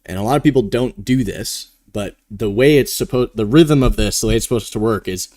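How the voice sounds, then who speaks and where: A man's voice: fairly low pitch, a little fast, hardly any pauses, dark tone, dry recording, studio quality. A man hosting a live trading stream, talking casually and rambling, with the odd yawn. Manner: rambling, conversational, yawning now and then.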